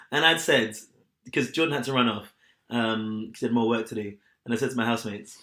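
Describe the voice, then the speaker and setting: A young man co-hosting a casual podcast chat, blunt and scathing and quick to laugh. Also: mid-range voice, sharp tone. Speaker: podcast co-host. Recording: echoey room.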